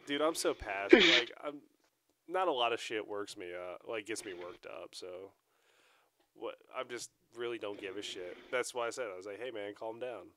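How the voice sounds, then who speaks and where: A man's voice: lowish voice, moderate pace, a little hiss or hum. A man co-hosting a podcast in casual chat, swearing freely and acting out what others said in a raised voice. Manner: animated, swears a lot, acts out quotes in a raised voice. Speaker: podcast co-host.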